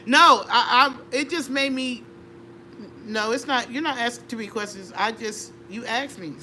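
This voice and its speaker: Bright-voiced woman telling a story animatedly. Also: a little high, normal speed, a little hiss or hum. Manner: animated, laughing, acts out voices in her story. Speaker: interview guest. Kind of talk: conversational storytelling.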